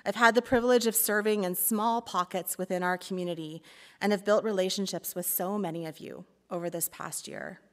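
A woman's voice: mid-range voice, fairly even intonation, a little fast. A woman community life pastor giving a reflective sermon talk in church, playful and laughing at times, then earnest.

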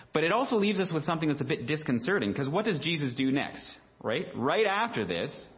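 A man's voice: on the high side, muffled recording. A man preaching a sermon in a conversational way, full of rhetorical questions and filler words. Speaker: pastor.

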